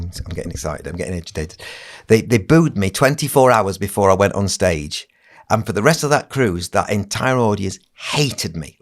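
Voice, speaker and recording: A man in his sixties, a children's entertainer, telling stories on a podcast in a lively way and acting out what other people said. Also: lowish voice. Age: 60s. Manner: animated storyteller who acts out other people's lines. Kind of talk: casual anecdote telling on a podcast.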